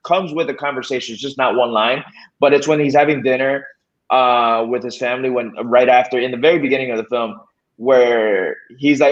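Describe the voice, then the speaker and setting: A man's voice: mid-range voice, fairly even intonation, brisk. Loose, enthusiastic male podcast host, medium voice, lo-fi muffled recording. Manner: enthusiastic, loose, swears casually. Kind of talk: casual podcast chat.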